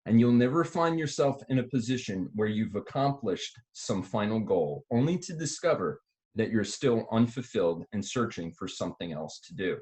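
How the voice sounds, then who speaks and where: A man co-hosting a call, reading an article aloud in a deliberate radio-announcer style. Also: fairly low pitch, animated, darkish tone.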